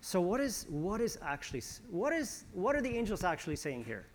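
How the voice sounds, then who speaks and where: A man's voice: sits high, big pitch swings, a little fast, a little hiss or hum. A man preaching a conversational sermon as pastor, with frequent restarts and some sarcasm.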